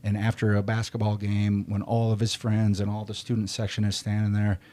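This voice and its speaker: A man in his forties with a somewhat low voice, talking as a podcast guest. He is blunt and swears freely, yet reflective and candid about his feelings. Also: completely flat delivery, a little fast, mellow. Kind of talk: candid casual chat.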